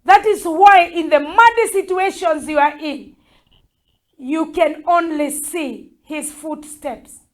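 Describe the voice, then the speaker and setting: A woman bishop preaches in a very high voice. She speaks slowly and fervently, repeating each urging as she leads the prayer. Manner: fervent, repetitive exhortation. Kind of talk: prayer sermon.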